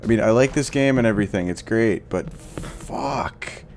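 A young man commenting on his gameplay, swearing and ranting in frustration between quieter muttering. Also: fairly low pitch, unhurried, a little hiss or hum. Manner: angry, swearing, frustrated outbursts. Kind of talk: let's play commentary.

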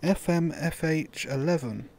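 A young man giving casual, sweary gameplay commentary, swinging into loud disbelief and laughter. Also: fairly high pitch, unhurried. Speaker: gaming YouTuber.

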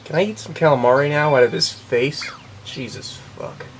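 A man's voice: a little high, fairly quick, slight background noise, low-quality recording. A young man commenting on a video game as he plays, frustrated and swearing, with game music behind him. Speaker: let's play gamer.

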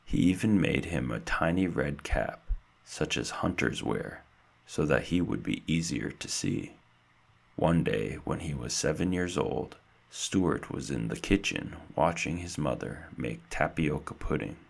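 Man, children's book reader, extremely low voice, slow, steady. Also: creaky, slightly rough. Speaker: narrator. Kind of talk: reading a children's book aloud.

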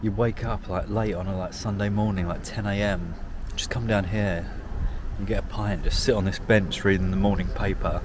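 A young man vlogs as he walks through countryside fields and villages, filming on a handheld camera and chatting in an amused, talkative way with lots of "like." His voice is fairly low, his intonation fairly even and his speed normal, with wind and passing traffic audible outdoors.

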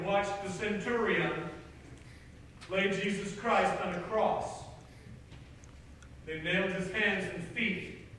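A high-pitched American preacher delivers an Easter sermon in a church, swelling dramatically whenever he voices the quoted lines. The voice reaches the mic from a distance and rings through a long, booming hall reverb, with faint room ambience behind it. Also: slight background noise. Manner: dramatic, rising to loud quoted outbursts. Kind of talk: Easter sermon retelling scripture. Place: church sanctuary. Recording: echoey hall, far from the mic.

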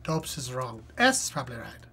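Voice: medium pitch, sing-song, brisk, sharp tone, breathy edge. A live-stream host chatting casually and reading puzzle clues aloud as they think, with lots of fillers. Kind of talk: casual live-stream commentary while solving a crossword.

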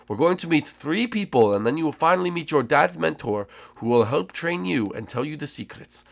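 A grumpy male chef guide barks orders and dodges questions, as a man puts him on. The voice swings widely in pitch and has a gravelly rasp. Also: lively intonation, brisk. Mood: bossy. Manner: bossy, insulting, vague.

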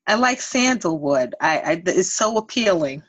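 A woman taking part in a workshop, answering softly from away from the microphone. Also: lowish voice, expressive, moderate pace. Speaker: workshop participant.

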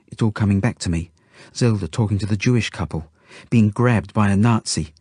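A man reading a children's novel aloud in first person, with steady, intimate delivery. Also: on the low side, normal speed, breathy edge, dry recording, studio quality. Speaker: audiobook narrator. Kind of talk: first-person storybook narration.

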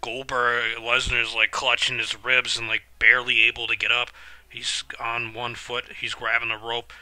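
A man hosting a reaction channel, giving excitable live commentary on a wrestling match and swearing when outraged. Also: mid-range voice, moderate pace, no room sound.

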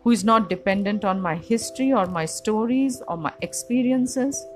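A woman teaches in a calm, deliberate voice of middling pitch, laying out ideas step by step in long, measured lists. Music plays clearly underneath her words. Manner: calm, deliberate, list-like phrasing. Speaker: Vedanta teacher. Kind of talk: measured spiritual teaching talk. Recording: music playing behind the voice.

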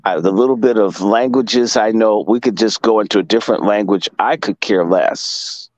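A man's voice: fairly low pitch, moderate pace, a little mellow, no room sound, low-quality recording. A man from Washington, D.C., a guest commentator lecturing in emphatic, profane casual talk.

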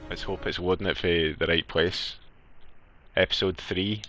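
A man's voice: sits low, steady tone, unhurried, sharp tone, faint music behind. A man live-streaming a game, chatty and joking, laughing often as he talks to his viewers. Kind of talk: casual live-stream chat.

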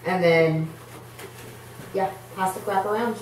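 A woman's voice: medium pitch, fairly even intonation, takes it slowly, slight background noise. Distant woman explaining a recipe. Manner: practical, matter-of-fact explaining. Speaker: home cook explaining the recipe. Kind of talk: casual cooking instructions. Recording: very echoey, distant from the mic.

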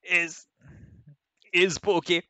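A man's voice: high voice, level tone, extremely slow, pushed and bright, dry recording, highs cut off. A man playing a text adventure game, reading the story aloud and laughing and swearing at it in casual commentary. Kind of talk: casual let's play commentary. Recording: clear background music.

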